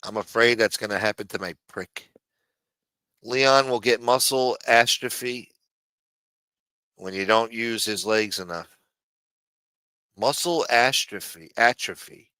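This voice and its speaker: A man's voice: on the low side, a little slow, pauses often, bright, forceful tone, clear, resonant tone, no room sound. A man with a New Jersey accent hosting a casual livestream, reading the chat aloud in rambling, profane street talk. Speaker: livestream host.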